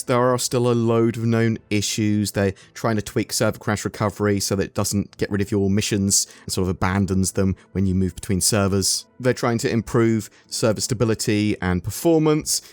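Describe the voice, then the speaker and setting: An English man hosting a gaming news channel, giving a brisk scripted rundown and asking viewers questions. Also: lowish voice, dry recording. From England.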